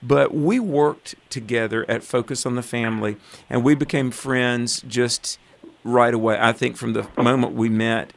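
A man hosting a talk show, introducing his guest in a friendly, conversational way. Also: mid-range voice. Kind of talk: casual interview.

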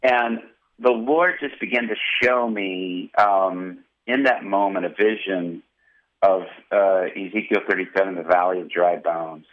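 A male pastor telling a personal testimony in an interview, animated and vivid. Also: deep voice, a little slow, phone-quality sound. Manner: animated storyteller, acting out quotes.

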